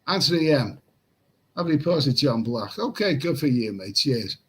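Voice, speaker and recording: A man's voice: medium pitch, lively intonation, normal speed, slightly rough, low-quality recording. A man hosting a late-night livestream and reading chat comments in a casual, rambling way. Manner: rambling, repeats himself, chuckles at chat comments. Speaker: livestream host. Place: room in Pattaya at night.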